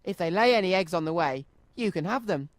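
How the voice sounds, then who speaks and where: A brisk, friendly farmer, voiced by a man in a children's storybook. He talks practically, in a high, dry voice. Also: expressive, no echo.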